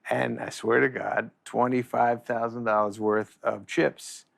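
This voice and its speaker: A man's voice: medium pitch, little pitch movement, vocal fry, no room sound. A man telling a funny anecdote in casual talk, laughing as he goes. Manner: laughs while telling, quick asides. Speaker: comedian telling a story. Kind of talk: casual storytelling.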